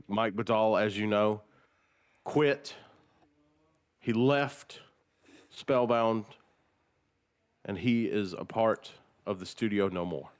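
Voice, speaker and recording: Male co-host, unhurried delivery, lively pitch, emphatic mock-serious joker. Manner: mock-solemn joking, emphatic. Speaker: podcast co-host. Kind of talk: casual fan podcast chat.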